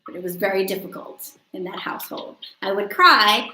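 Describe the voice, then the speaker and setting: A woman in her thirties hosting a casual live stream, chatting and joking and quick to laugh at herself. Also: a little high, expressive, pushed and bright. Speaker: host of a live witchcraft coaching stream. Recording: roomy echo.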